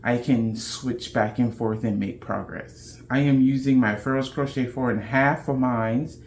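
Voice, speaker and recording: A woman's voice: a bass voice, measured pace, darkish tone, a little hiss or hum. Chatty, playful woman podcast host. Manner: chatty, playful, loose slangy talk. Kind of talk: casual chat to camera.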